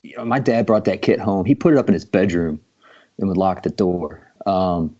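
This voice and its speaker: Low and dark, this male voice moves at a moderate pace and belongs to a guest drummer in his forties, roughly forty. During a casual podcast chat he tells relaxed stories padded with many fillers, and the recording sounds dull and lo-fi.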